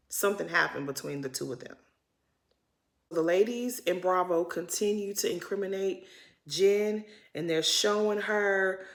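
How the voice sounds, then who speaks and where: A woman recapping a reality TV episode in a loose, slangy, opinionated way. She talks like she is chatting with friends and laughs often. Her voice sits at a middle pitch. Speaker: recap host. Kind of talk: casual reality TV recap commentary.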